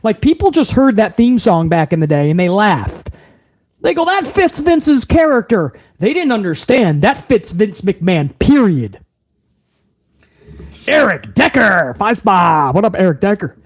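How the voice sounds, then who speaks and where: Swearing hyped guy on a live stream, gravelly, kinda high. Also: sing-song, a little slow. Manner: profane, hyped, emphatic. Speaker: wrestling commentary streamer. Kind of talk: live stream chat, reading viewer messages.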